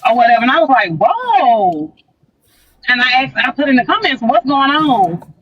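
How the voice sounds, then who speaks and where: A woman's voice: sits high, normal speed, slightly rough, highs cut off. A woman on a livestream, retelling a dispute in casual chat and acting out the quotes. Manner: animated retelling, acts out quotes. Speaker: guest recounting a dispute.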